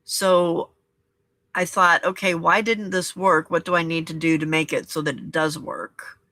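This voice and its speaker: In this reflective, casual talk, the crafting challenge host speaks a little slowly in a fairly low, bright, clear voice with fairly even intonation. Gentle and encouraging, she keeps checking in with viewers as she reflects on the month, recorded close and dry without room echo.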